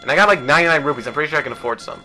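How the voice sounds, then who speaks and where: A man's voice: a little high, animated, racing, bright, forceful tone, soft background music. A man hosting a let's play, joking and swearing as he thinks aloud through the game. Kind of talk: casual gameplay commentary.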